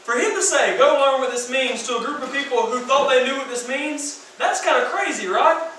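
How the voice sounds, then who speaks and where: Youth pastor guy preaching, slangy and animated, bright voice, mic kinda far. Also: extremely high pitch, fairly quick, a little hiss or hum. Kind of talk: sermon. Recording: echoey room from far off.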